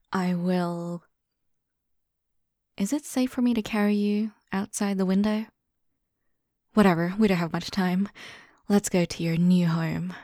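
In a whispered role-play, a young woman plays an obsessive and devoted young lover. She speaks softly and intimately in a slow, mellow half-whisper. The recording is close and dry. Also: lowish voice, dry recording, lightly acted. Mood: urgent.

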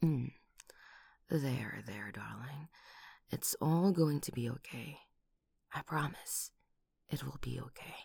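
A woman voicing a doting, protective lover who kills for her partner, in a whispered role-play with breathy whispers and sudden loud outbursts, close to the microphone. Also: a bass voice, takes it slowly, pauses often, no room sound, exaggerated voice. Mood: doting worried.

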